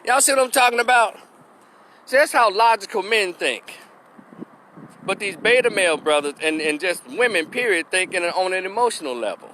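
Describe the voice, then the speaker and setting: A man's voice: high-pitched, animated, normal speed, sharp tone, a little hiss or hum. A man giving a blunt, profane opinion rant, stressing his points and laughing in scorn. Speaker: opinion vlogger.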